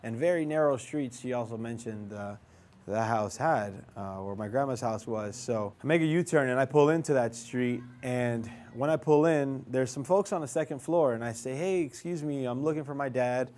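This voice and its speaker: Man, young adult, mellow warm voice, casual rambling storytelling, quotes people in conversation. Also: mid-range voice, normal speed, slight background noise. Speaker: vlogger telling his life story.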